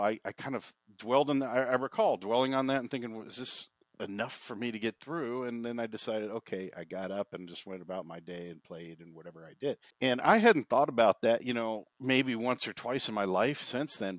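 A man's voice: mid-range voice, moderate pace, hardly any pauses, no room sound. A man as a podcast guest, telling a personal story in a reflective, rambling way with many restarts, over a video call. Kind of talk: casual conversational storytelling.

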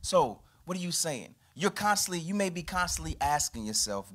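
A pastor delivers a sermon in a church, his voice pitched a little high for a man. He preaches with swings of pitch and loudness, sometimes punching out a phrase and sometimes dropping low and quiet. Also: normal speed. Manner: animated preaching with sweeping pitch and volume.

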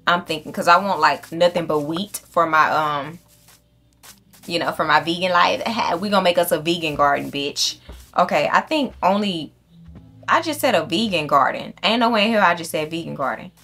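A woman's voice: lowish voice, normal speed, bright, forceful tone, soft background music. A woman hosting a casual game playthrough, chatting and swearing freely at her viewers and talking to the animals in the game. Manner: chatty, profane, talks straight to viewers. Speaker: gaming channel host. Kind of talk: casual let's-play commentary.

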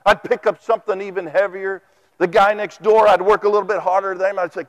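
In a church sanctuary, a preacher delivers a sermon into a microphone, his voice high for a man and animated in movement. His folksy style is full of stories and acted-out quotes, though also flat in delivery and fast.

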